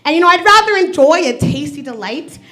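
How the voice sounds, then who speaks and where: Lively high-voiced woman doing stand-up. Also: fast talker. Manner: blunt, self-mocking, quotes people in voices. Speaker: stand-up comedian. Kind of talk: stand-up set. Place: comedy open mic venue.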